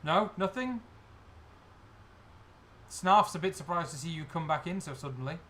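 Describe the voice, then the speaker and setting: A man's voice: fairly high pitch, expressive, normal speed, sharp tone, slight background noise. A man running a tabletop game as game master, describing scenes and questioning players.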